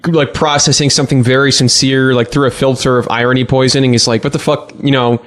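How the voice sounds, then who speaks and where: A man in casual podcast talk, making wry quick remarks. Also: medium pitch, flat delivery, fairly bright tone.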